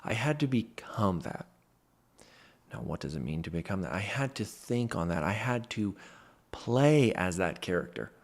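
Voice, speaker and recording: A man's voice: on the low side, sing-song, moderate pace. A man in a motivational talk to camera, a mentor who speaks emphatically and stresses his points with "freaking".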